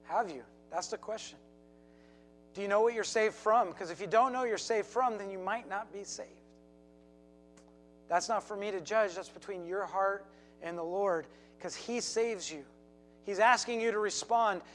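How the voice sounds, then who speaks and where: A man's voice: sits high, moderate pace, a little hiss or hum, low-quality recording. A man preaching a sermon as pastor, telling a story with emphatic repeats and acted quotes.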